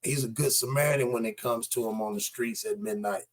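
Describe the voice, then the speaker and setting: A man's voice: medium pitch, fairly quick. A man giving casual, skeptical commentary on news clips, talking straight to his viewers.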